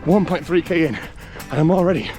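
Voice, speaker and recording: A man's voice: a little high, normal speed, dark tone, faint music behind. A man with a North East English accent, chatting cheerily and laughing as he vlogs a trail run, out of breath. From North East England. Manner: chatty, cheery, laughs often, greets runners. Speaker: running vlogger. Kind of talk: casual vlog commentary while trail running. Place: outdoor hill and woodland trail.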